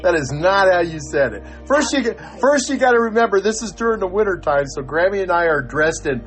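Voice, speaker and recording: An older man with a fairly high voice spins a casual story for his podcast. He chuckles along and acts out the people he quotes, with faint music underneath. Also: expressive, a little fast, a bit bright. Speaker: podcast co-host.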